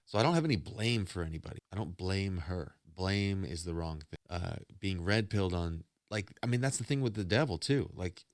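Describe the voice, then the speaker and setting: Deep-voiced rambling stream host. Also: male voice, dry recording, studio quality. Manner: rambling, preachy, philosophizing about love and faith. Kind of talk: casual reaction stream talk.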